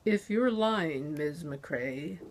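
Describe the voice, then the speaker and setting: A woman's voice: low-pitched, animated, very slow, exaggerated voice. Woman reading as cold male interrogator. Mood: menacing. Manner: clipped, demanding questions.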